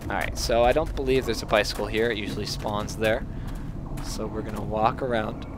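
A man's voice: fairly low pitch, steady tone, fairly quick, background noise. A young man hosting a gameplay video, giving playful, self-mocking commentary as he plays.

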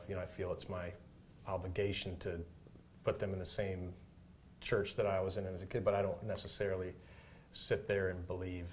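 A man with a very low voice talks through his answers in a casual interview, pausing and restarting as he thinks. He sounds middle-aged and speaks in a reflective, unhurried way. A faint hiss of noise sits under the recording. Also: a little mellow. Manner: hesitant, thoughtful, many restarts. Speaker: rock guitarist guest.

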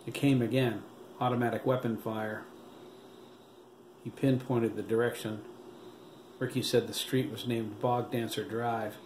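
A man's voice: medium pitch, flat delivery, unhurried, long pauses, a little mellow. Man narrating an audiobook in a roomy echo. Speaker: author reading his own novel. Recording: roomy echo, faint background hiss.

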